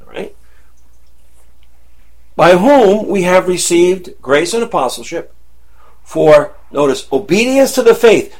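A man teaching the Bible verse by verse, asking his listeners questions and checking in with "right?" and "okay?" after nearly every point. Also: high voice.

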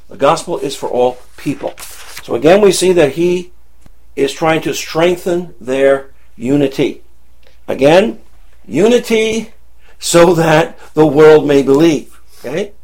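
Bible teacher checking in with "right?". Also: male voice, on the high side, expressive, a little slow, a little mellow. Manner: checks in with frequent "right?" and "okay?"; asks the listeners questions.

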